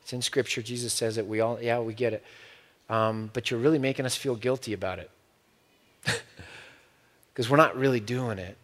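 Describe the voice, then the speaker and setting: A man's voice: mid-range voice, steady tone, moderate pace, long pauses, a bit bright, long reverb tail. A male preacher giving a sermon in a conversational way, with frequent restarts.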